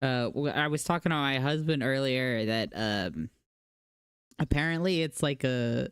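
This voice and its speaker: A woman co-hosting a podcast, talking in an animated, casual way, swearing freely and filling her speech with "like". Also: extremely low pitch, unhurried, smooth, no echo, clean studio sound. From United States. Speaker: podcast co-host. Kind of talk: casual chat.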